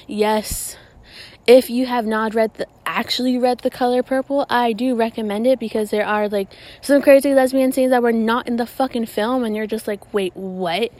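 A woman's voice: on the high side, normal speed. A young woman hosting a podcast, delivering a casual, profane and exasperated rant. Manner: profane, exasperated, animated ranting. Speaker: podcast host.

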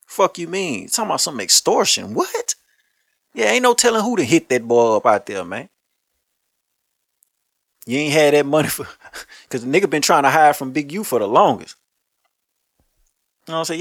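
A man's voice: on the high side, moderate pace, long pauses, no room sound, clean studio sound. A man hosting a commentary show, ranting bluntly in profane street talk and telling stories with a lot of energy. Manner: blunt, heavy cursing, animated storytelling.

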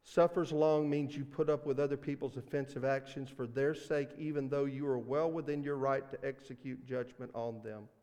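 A man with a Mississippi accent preaching a sermon as pastor, earnest, swinging between loud emphasis and hushed asides. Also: mid-range voice, steady tone, normal speed, hardly any pauses, in a large hall. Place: church sanctuary.

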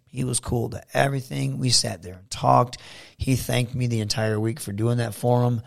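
Podcast guest, male wrestler from Michigan; gravelly, animated storyteller. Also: medium pitch, fairly quick. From Michigan, USA. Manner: animated storyteller, acts out quoted dialogue. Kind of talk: casual podcast chat.

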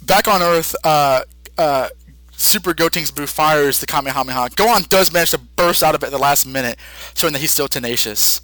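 Bright-voiced young podcast host rambling. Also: male voice, a little high, a little fast, no room sound. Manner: rambling, laughs and acts out quotes. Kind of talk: casual episode recap.

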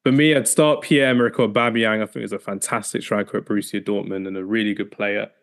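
A man's voice: on the low side, fairly even intonation, fast, gravelly. A man hosting a casual football podcast, reeling off team lineups with playful asides. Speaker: podcast host.

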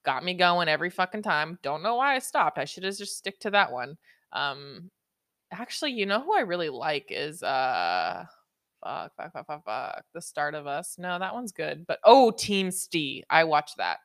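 A woman's voice: low-pitched, very animated, normal speed, fairly bright tone, no echo, clean studio sound. A woman hosting a solo podcast, rambling and joking with lots of swearing and laughter. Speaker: podcast host. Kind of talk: casual solo podcast monologue.

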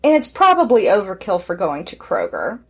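A woman's voice: medium pitch, wildly swooping pitch, moderate pace, husky. A woman co-hosting a podcast, chatting casually with dry, wry quips. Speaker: podcast co-host.

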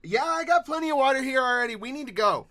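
An impatient pregnant woman in labor, improvised by a man grumbles and pleads to leave. The voice sits high and bright in an improv comedy scene, whiny and pushy throughout. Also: animated, fast, no room sound, exaggerated voice.

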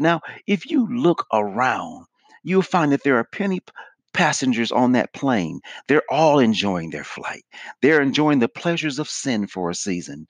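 A man's voice: mid-range voice, big pitch swings, unhurried, no room sound. A man teaching evangelism in an earnest, emphatic sermon style, repeating his key points.

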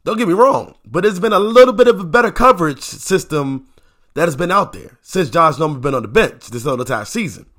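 A man hosting a casual sports opinion show, talking in an animated, repetitive way and firing off rhetorical questions. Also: fairly high pitch, fairly quick.

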